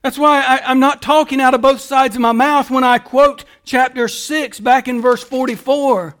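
A man preaching a sermon, moving between quiet, explanatory passages and loud, emphatic calls. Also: extremely high pitch, steady tone, moderate pace. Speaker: pastor.

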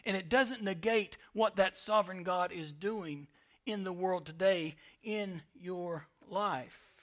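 A man preaching a sermon with passion, swinging between loud declarations and hushed asides. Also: high-pitched, slow. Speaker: pastor.

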